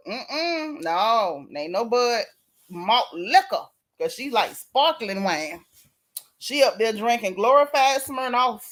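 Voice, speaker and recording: Woman w/ aave doing a gossip livestream, kinda high voice, reading chat out loud all animated. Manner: animated, reads chat comments aloud. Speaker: host.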